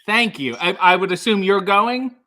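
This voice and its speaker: A man hosting a live stream, reading out viewer comments with dry, deadpan asides that trail off quietly. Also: high-pitched, moderate pace. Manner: turns loud and upbeat when greeting a guest. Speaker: livestream host.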